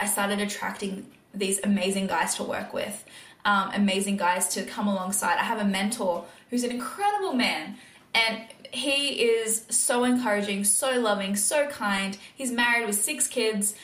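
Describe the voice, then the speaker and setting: A woman's voice: medium pitch, normal speed, fairly bright tone, echoey room. A young adult woman hosting a faith podcast, speaking earnestly and candidly, laughing often and acting out her own past thoughts. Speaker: podcast host. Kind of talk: faith-based podcast monologue.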